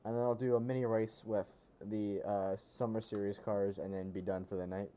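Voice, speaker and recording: A man's voice: lowish voice, steady tone, normal speed, warm tone. A man streaming a racing game, talking casually in a rambling, jokey way and often correcting himself mid-sentence. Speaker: gaming streamer. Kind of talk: casual live game commentary. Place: lives near a Pennsylvania capital city.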